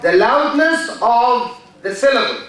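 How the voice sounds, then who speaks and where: A man with an Egyptian accent and a fairly high voice lecturing university students at a slow, measured pace. He repeats their answers back and praises them. The sound is a very echoey hall, picked up from far off. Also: animated, fairly bright tone. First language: Arabic. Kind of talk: classroom lecture with questions to students.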